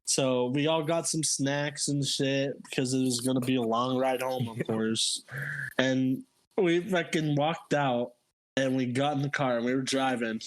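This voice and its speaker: A young man casually telling a story on a podcast, animated and laughing, jumping into squeaky high voices for quotes. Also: measured pace. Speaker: podcast co-host.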